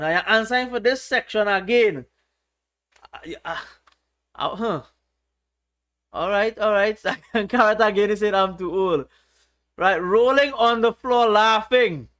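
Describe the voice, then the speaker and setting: A man's voice: high-pitched, fairly bright tone. A man hosting a casual livestream, reading viewers' chat aloud in a playful, teasing way. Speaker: livestream host.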